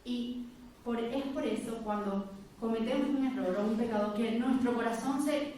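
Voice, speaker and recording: A woman preaches her testimony in a reverberant church hall, recorded from afar, speaking fairly quickly in a warm, higher-leaning voice. She's frank and story-driven, performing the quoted voices as she goes.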